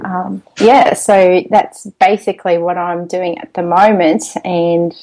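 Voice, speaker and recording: A woman's voice: on the low side, little pitch movement, takes it slowly, warm tone, poor audio. A woman with an Australian accent, a mother and podcast guest, talking in a chatty way with frequent laughs and restarts. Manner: chatty, laughs often, many ums and restarts. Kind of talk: interview over the internet.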